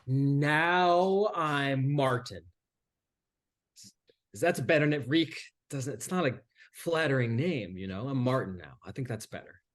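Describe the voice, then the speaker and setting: A man voicing a strange, quiet boy who speaks in a soft, hesitant way. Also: mid-range voice, lively intonation, measured pace, voice pushed up, natural voice. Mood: withdrawn. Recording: faint music behind.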